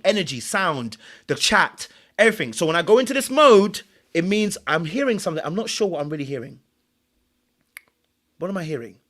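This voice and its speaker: A man's voice: high-pitched, fairly bright tone. A man hosting a reaction commentary, animatedly explaining body language in clips and repeating phrases for emphasis. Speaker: host and commentator.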